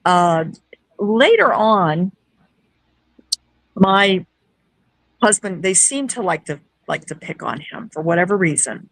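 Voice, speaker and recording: A woman with a medium-pitched voice speaks slowly, leaving long pauses, on a dry, rough recording. She's a guest on the show, a paranormal investigator telling a story in a relaxed way. Her delivery is lively, and she acts out the quoted dialogue.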